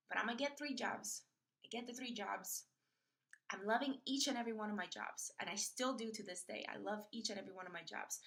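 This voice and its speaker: Bright, gravelly-voiced woman storyteller. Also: medium pitch, a little fast. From Florida. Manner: animated, acts out voices of others in her story. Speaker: podcast host. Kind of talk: personal storytelling monologue.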